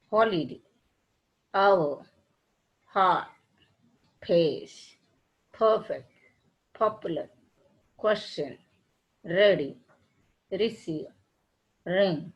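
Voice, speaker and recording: A woman's voice: medium pitch, poor audio. A woman teaching phonetics in a classroom lecture, spelling out letters and words one at a time and restarting her sentences. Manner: repeats herself and restarts sentences.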